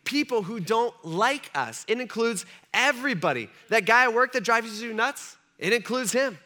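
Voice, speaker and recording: Guy preaching, high bright voice, chatty sermon style. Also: normal speed. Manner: animated, conversational, acts out dialogue. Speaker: pastor.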